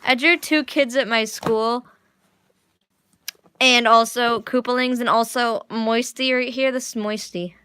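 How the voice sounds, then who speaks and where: A woman's voice: on the high side, fairly even intonation, unhurried, sharp tone, slight background noise. A young woman chatting casually at home while drawing, rambling, restarting, and poking fun at herself. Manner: rambling, self-mocking, restarts often. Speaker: art vlogger. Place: living room at home.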